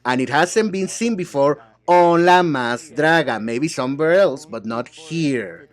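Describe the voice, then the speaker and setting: Man, solo dub of reality-show banter, sassy and bickering, bright lively voice leaping up and down. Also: fairly high pitch, a little slow. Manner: sassy, bickering, switching between several speakers. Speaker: translator dubbing a reality show.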